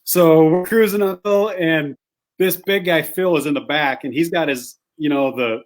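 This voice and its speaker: A man guest, a hunting guide, telling a rambling, animated anecdote in casual conversation. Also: fairly high pitch, unhurried. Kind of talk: casual storytelling.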